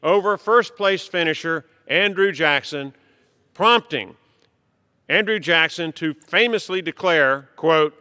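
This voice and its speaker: A middle-aged man, a congressman, giving a formal prepared speech from the floor in a measured, emphatic way. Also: fairly high pitch, sharp tone, clear, resonant tone. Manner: measured, emphatic delivery of a written text. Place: large legislative chamber. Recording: long reverb of a large hall.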